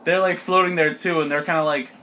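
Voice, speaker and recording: A man's voice: fairly high pitch, fairly even intonation, quick pace, bright, forceful tone, a little hiss or hum. A man running a tabletop game as game master, narrating in a casual, rambling way with lots of fillers and laughs.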